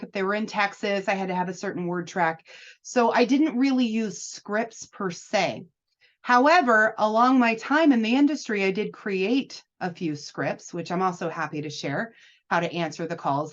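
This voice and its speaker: A woman coaching new insurance agents in a chatty, upbeat and encouraging way. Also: medium pitch. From United States. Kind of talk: casual advice talk. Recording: slightly dull lo-fi audio.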